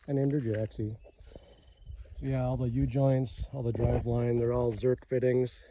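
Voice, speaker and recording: A man's voice: medium pitch, flat delivery, a little slow, mellow, slight background noise, low-quality recording. A man with a Minnesota accent casually talking through ranch maintenance in a rambling, self-deprecating vlog, recorded outdoors on a ranch. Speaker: ranch owner vlogger.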